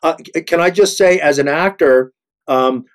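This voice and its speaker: A sixty-year-old man speaks in a slightly high voice, earnest and halting, repeating words as he builds his point. He is an actor talking on a panel about his craft. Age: 60s. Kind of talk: panel discussion.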